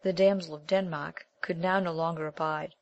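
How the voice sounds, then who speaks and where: A woman narrating an old chivalric romance as scripted audiobook narration, in a measured, even reading. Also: sits low, highs cut off.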